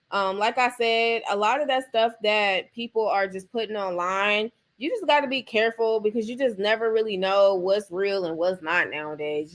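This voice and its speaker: A woman hosting a casual live stream, chatting with her viewers and filling pauses with drawn-out ums. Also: mid-range voice, bright, forceful tone. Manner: chatty, addresses the chat, drawn-out fillers. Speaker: host.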